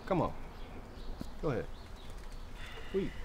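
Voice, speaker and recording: A man talking in a teasing, animated way in a comedy skit. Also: medium pitch, takes it slowly, heavy background noise. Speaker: comedian in music video skit.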